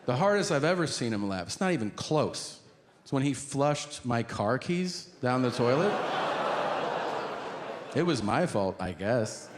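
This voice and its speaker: A middle-aged man doing stand-up, telling profane stories and acting out characters in an animated way. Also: medium pitch, a little slow. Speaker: stand-up comedian. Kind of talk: stand-up comedy storytelling. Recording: live stand-up set with background noise.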